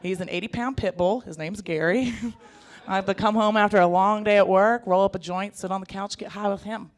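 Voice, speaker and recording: A woman in her thirties performing a stand-up comedy set, animated and jokey, jumping into put-on voices. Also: mid-range voice, fairly quick. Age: 30s. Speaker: stand-up comic.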